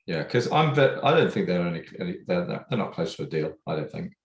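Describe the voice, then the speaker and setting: A man's voice: sits low, sing-song, a little fast, lo-fi sound. A man co-hosting a casual podcast chat, hesitant with many fillers and restarts. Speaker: podcast co-host.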